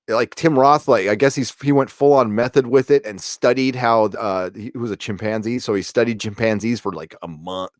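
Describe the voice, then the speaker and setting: A man's voice: fairly low pitch, no room sound. Rambling man, dry close sound. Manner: rambling, many fillers and restarts. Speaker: livestream host reading chat. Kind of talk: casual live chat.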